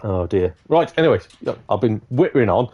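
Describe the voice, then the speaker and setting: A man's voice: on the low side, expressive, fairly quick, husky, muffled recording. A man hosting a live stream, chatting casually and rambling, swearing freely. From Shropshire, England. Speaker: livestream host.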